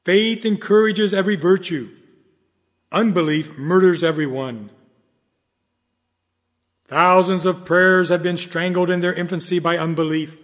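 A man preaching a sermon in a dramatic oratorical manner, swinging from loud declarations to hushed low lines. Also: steady tone, unhurried, long pauses, big-room sound.

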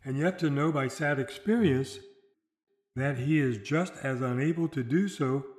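A man delivering a sermon in a solemn, measured way, slowing down for dramatic quotations. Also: medium pitch, a little mellow, roomy sound. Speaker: preacher.

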